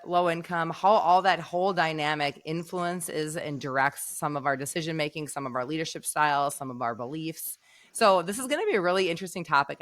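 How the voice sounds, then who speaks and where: A woman co-hosting a podcast, hoarse and raspy after laryngitis, chatting casually with her guest. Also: deep voice, a bit bright, no echo. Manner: chatty, quick, with fillers and restarts. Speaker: podcast co-host. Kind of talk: casual interview chat.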